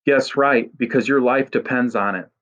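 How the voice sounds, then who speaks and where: A man's voice: mid-range voice, moderate pace, fairly bright tone, dull audio, lightly acted. A man voicing a small, bold boy genius who talks fiercely and lectures like a know-it-all.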